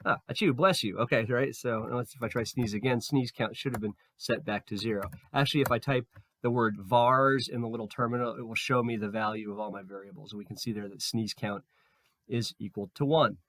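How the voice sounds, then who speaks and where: Guy a bit hoarse doing a coding tutorial, chill, lots of ums, dry close mic. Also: mid-range voice, fairly quick, no echo. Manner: relaxed, thinking aloud with fillers and restarts. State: slightly hoarse, losing his voice. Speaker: programming tutor. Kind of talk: screen-recorded coding tutorial.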